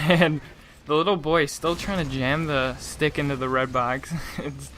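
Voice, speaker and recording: A man's voice: a little high, fairly even intonation, moderate pace, hardly any pauses, fairly bright tone, a little hiss or hum. Rambling young guy telling a rant. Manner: rambling, lots of "like" and restarts, laughing asides. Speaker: gaming channel host. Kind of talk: casual storytelling rant.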